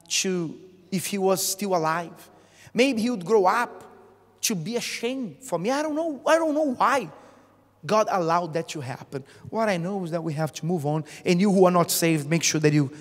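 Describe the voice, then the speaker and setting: Male preacher, high and highly animated, emphatic sermon with call-and-response, long theatre reverb. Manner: emphatic, with rhetorical questions and call-and-response "Amen?". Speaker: bishop preaching. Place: large theatre hall.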